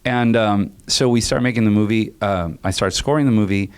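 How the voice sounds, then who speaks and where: Lively man telling studio stories. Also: fairly low pitch, a little fast, smooth. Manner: lively storyteller who acts out quoted dialogue; frequent restarts and fillers. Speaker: film composer, podcast guest. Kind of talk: casual storytelling conversation.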